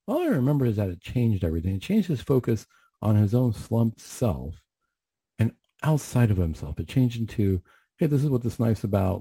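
Husky, dark-voiced man telling a story. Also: lowish voice, no echo. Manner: earnest, reflective, acts out his own questions in quotes. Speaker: mental health clinician telling a patient story. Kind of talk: storytelling monologue, faith-based talk show.

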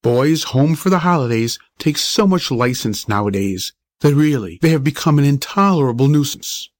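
A man's voice: mid-range voice, lively intonation, normal speed, close to an everyday voice. A man voicing a pompous, irritable old doctor who talks in a stern, lecturing way. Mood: scolding.

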